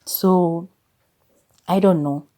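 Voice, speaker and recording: Speaking very slowly in a mellow, steady, lowish voice, a Kenyan podcast host in her thirties offers a frank personal monologue about her life. She blends English with Swahili phrases and now and then grows exasperated for emphasis.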